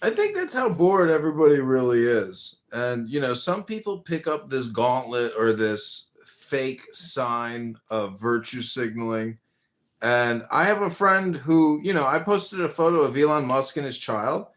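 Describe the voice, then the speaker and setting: A man's voice: mid-range voice, very animated, unhurried. A man in a casual live audio chat, sarcastic and ranting.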